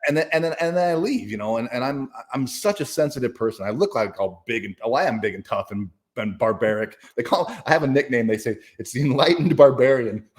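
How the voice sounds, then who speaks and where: A man's voice: mid-range voice, expressive, a little fast, hardly any pauses. A man talking as a guest in an interview, telling a personal story in a casual, profane, emphatic way with many restarts. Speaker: guest speaker and author.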